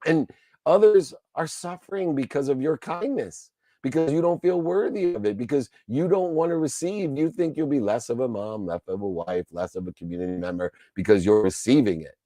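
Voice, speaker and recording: A male motivational speaker delivering an emphatic, preachy talk built on rhythmic repeated lists. His voice is mellow and warm, and the sound is dry and close. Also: mid-range voice, fairly quick, dry recording. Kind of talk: motivational speech.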